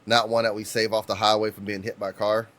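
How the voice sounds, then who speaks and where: A man's voice: lowish voice, little pitch movement, fast, fairly bright tone. A man in his thirties, co-hosting a podcast, telling rambling stories with restarts and casual swearing. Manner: rambling storyteller, frequent restarts, swears freely. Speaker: podcast co-host.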